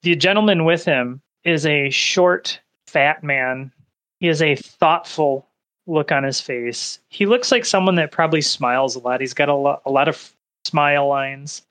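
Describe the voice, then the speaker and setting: A man narrates a tabletop game, setting scenes at a slow, deliberate pace. His voice sits somewhat high for a man, and his tone stays casual. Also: a bit bright. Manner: descriptive, unhurried, casual. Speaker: game master.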